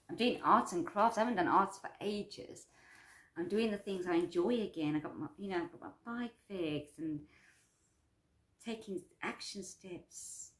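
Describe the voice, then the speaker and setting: A woman's voice: medium pitch, a little slow, reverberant. A woman doing a personal check-in vlog about her course, talking in a rambling, repetitive, upbeat and self-affirming way. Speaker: vlogger and course creator.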